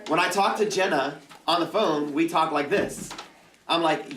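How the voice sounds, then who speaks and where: A lively man gives a casual youth sermon. He jokes and acts out prayers in funny voices, and his voice sits a little high. He sounds far from the mic, in an echoey church hall with faint room noise behind him. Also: measured pace. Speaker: youth pastor.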